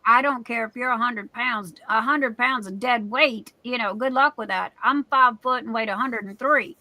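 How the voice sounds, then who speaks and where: A woman's voice: a little high, moderate pace, sharp tone, no room sound, poor audio. A middle-aged woman hosting a livestream, telling a personal story in a candid, emotional way. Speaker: livestream host. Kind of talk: casual chat.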